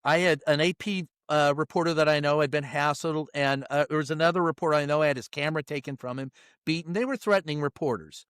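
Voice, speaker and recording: A middle-aged man with a fairly high voice tells stories as a guest in a relaxed interview. He speaks bluntly, chuckles through his sentences and slips into the voices of the people he quotes. The sound is dry and close, with no room echo. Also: fast talker, clean tone. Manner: animated storyteller who acts out quotes and laughs mid-sentence; blunt, salty wording. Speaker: White House reporter, guest. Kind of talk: casual storytelling interview.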